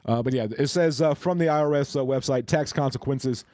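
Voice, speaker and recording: A man's voice: mid-range voice, brisk, warm tone, no room sound, studio quality. A man chatting casually on a crypto livestream, hesitant and full of fillers and restarts.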